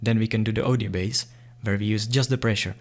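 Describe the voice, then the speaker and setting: A man teaching beginner beatbox sounds in a casual, playful tutorial, often excited and laughing. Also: on the low side, fast.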